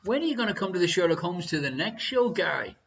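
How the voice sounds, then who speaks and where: Here the Irish host's voice sits high and sing-song, fast and fairly bright, with some vocal fry. Broadcasting a live quiz online from home, he jokes and chats, repeats each question, and banters with his partner over dull, lo-fi stream sound.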